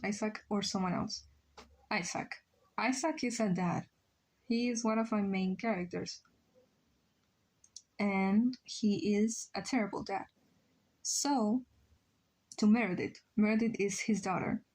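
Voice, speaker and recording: A woman's voice: mid-range voice, steady tone, unhurried, pauses often, a little mellow. A young woman, a native Spanish speaker, chatting casually on a drawing stream, self-mocking, with frequent ums and laughs. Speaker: livestreamer. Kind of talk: casual stream chat reading chat messages.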